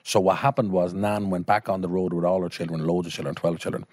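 Low-voiced Irish man, swearing storyteller, dry sound. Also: fairly even intonation, fast, darkish tone, no echo. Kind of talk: casual anecdote.

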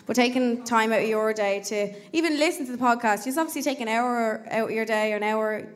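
A woman's voice: fairly high pitch, a little fast. A woman co-hosting a live podcast show on stage, sweary and emotional as she thanks the audience. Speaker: podcast co-host.

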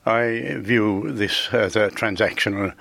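Low-voiced earnest judge. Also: male voice, steady tone, slow, vocal fry, a bit bright, no echo. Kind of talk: radio interview.

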